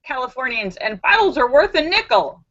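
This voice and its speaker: A woman's voice: sits high, sing-song, moderate pace, a bit bright, muffled recording, pitched above the performer's own voice, heavily acted. Woman doing a sly Nevadan joke cowboy. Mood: incredulous. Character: dry, sly male Nevadan rider in a joke.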